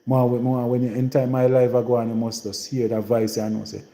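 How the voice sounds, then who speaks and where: A man's voice: mid-range voice, completely flat delivery, fairly quick, warm tone, echoey room, rough recording. A man from Jamaica speaking in a rural Trelawny patois accent, rambling and repeating himself in a casual live-stream monologue. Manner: rambling and repetitive, in heavy patois.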